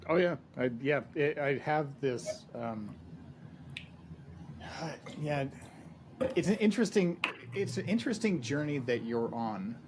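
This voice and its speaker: A man hosting a podcast, musing in a reflective, halting way with many restarts and fillers. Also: fairly high pitch, expressive, a crowd in the background. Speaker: podcast host. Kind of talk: casual interview chat. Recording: noticeable background noise.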